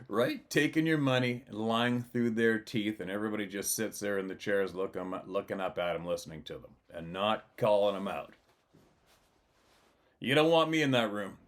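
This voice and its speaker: This is a man with a fairly low voice, hosting his own show in a loose, rambling monologue. He talks bluntly and swears freely. He laughs as he goes and often breaks off his sentences to start them again. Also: steady tone, normal speed. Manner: rambling with frequent restarts. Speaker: channel host. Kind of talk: casual storytelling monologue.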